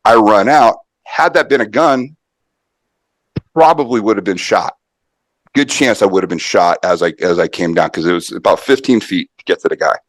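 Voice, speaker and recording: Middle-aged male guest, low-ish voice, dry close mic, animated storyteller with fillers. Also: moderate pace, no echo. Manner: animated anecdote-telling with many fillers and restarts. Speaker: podcast guest, martial arts author. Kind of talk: conversational storytelling.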